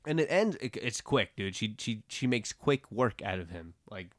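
A man's voice: lowish voice, animated, normal speed, no echo, clean studio sound. A man in casual chat, animatedly recapping scenes in a loose, joking way.

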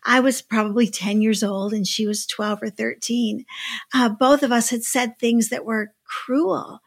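Higher-pitched woman telling a sermon story. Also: a little slow, gravelly. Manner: expressive, emphatic storytelling. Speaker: devotional speaker.

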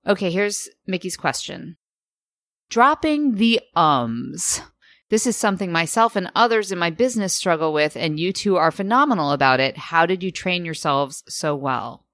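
A woman from the United States with a notably low voice co-hosts a podcast in relaxed chat. She tells stories with lively, expressive turns. The recording is dry and close. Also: fairly quick, few pauses, no echo. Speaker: podcast co-host.

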